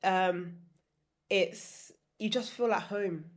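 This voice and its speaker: A woman's voice: mid-range voice, slow pace. A woman guest on a podcast interview, a property consultant who explains in lists and keeps checking in with "right?". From United Kingdom.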